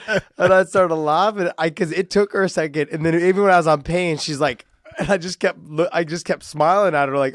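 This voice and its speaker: A man's voice: on the high side, fairly even intonation, brisk, no room sound, studio quality. A man co-hosting a fight podcast, rambling and joking in casual chat. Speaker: podcast co-host.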